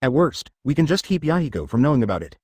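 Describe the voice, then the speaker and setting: A synthetic male narrator voicing a calm, kind young male medic ninja in an audiobook. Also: mid-range voice, fast, slightly rough, no room sound, studio quality.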